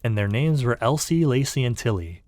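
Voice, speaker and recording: Sleepy hoarse dormouse, feeble and sulky, voiced by a man. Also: medium pitch, animated, a little fast, darkish tone, no room sound, pitched above the performer's own voice, lightly acted. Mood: drowsy. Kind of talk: storybook reading.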